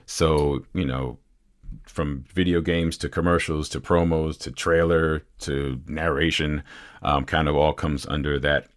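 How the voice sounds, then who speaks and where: A male voice actor chats as a podcast guest in an extremely low, rumbling voice. He is casual and self-deprecating, and his sentences wander with plenty of fillers. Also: fairly even intonation, measured pace.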